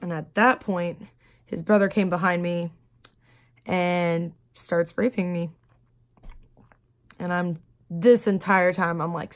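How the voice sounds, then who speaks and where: A woman telling her story in a personal video diary, speaking quietly and haltingly, with many pauses and fillers. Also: on the low side, steady tone. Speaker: vlogger.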